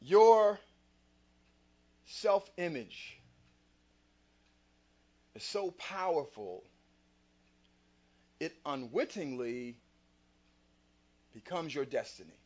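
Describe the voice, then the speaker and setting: Preachy motivational host, fairly high voice. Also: male voice, expressive, extremely slow, pauses often, a little mellow. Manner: preacher-like, rhetorical questions, quotes scripture. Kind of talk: motivational talk. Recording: dull lo-fi sound.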